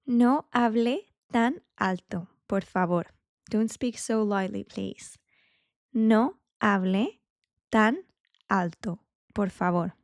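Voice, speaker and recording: A woman teaching beginner Spanish, saying each phrase slowly and carefully and repeating it as a drill. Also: mid-range voice, no room sound, studio quality. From Spain. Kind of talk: beginner language lesson.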